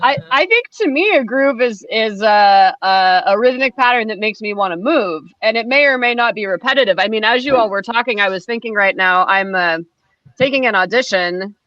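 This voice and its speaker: A woman guest, a percussionist, talking in a chatty, lively way in a casual conversation. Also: a little high, moderate pace, dry recording. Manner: chatty and lively, many fillers. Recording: slightly dull lo-fi sound.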